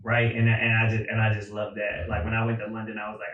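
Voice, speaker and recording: A man from Philadelphia, a podcast guest, talking in a relaxed, casual storytelling way with plenty of filler words. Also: fairly low pitch, fast, dull audio. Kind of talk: casual conversation. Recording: roomy sound from a distance.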